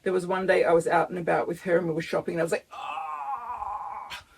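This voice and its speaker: Standing outdoors before her house, a vlogger in her 50s shares a pregnancy update in a casual vlog, earnest and near tears. She speaks rapid-fire in a fairly low, darkish voice with vocal fry and little pitch movement, over slight background noise.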